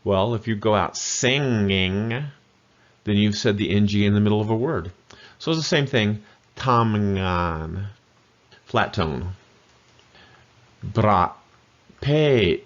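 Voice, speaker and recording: A man with a fairly low voice talks through a pronunciation lesson at a slow, unhurried pace. He is patient and says the syllables over several times. The audio is muffled and lo-fi. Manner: patient, repeats syllables slowly. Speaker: language teacher. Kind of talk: explaining pronunciation in a video lesson.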